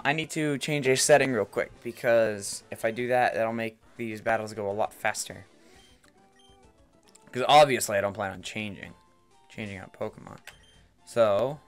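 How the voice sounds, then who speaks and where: A man's voice: lowish voice, smooth. A man giving casual game commentary as a let's player, rambling and playful, repeating words, on a headset mic.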